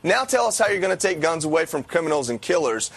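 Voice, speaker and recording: A man's voice: fairly high pitch, sing-song, fast talker, husky, no echo. A man co-hosting a podcast, delivering pointed, emphatic opinion commentary. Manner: pointed and emphatic, with blunt verdicts.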